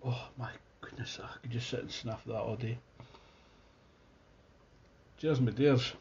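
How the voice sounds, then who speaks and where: A Scottish man chats his way through a beer tasting, enthusiastic and thinking aloud with plenty of restarts. His voice sits mid-pitch. The recording sounds a little dull and muffled. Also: steady tone, a little slow, vocal fry, darkish tone, slight background noise. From Scotland. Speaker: beer reviewer. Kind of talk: casual tasting review.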